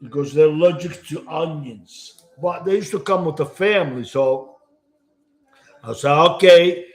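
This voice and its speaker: Cooking at home, this Italian man talks casually to camera in broken English with an Italian accent, rambling as he hosts his cooking show. His voice is on the high side and a little slow, in an echoey room.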